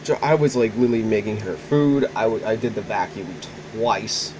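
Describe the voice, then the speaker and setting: A man hosting a game stream, giving excitable, profane commentary as he plays. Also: fairly low pitch, normal speed, background noise. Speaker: gaming channel host playing the game. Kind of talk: casual gameplay commentary.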